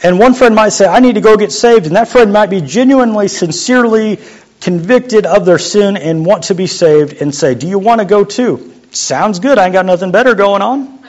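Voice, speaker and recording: A young adult youth pastor preaches a sermon conversationally, joking around and sometimes dropping to a quiet voice. His voice is high and expressive at a moderate pace, and the recording is muffled and lo-fi.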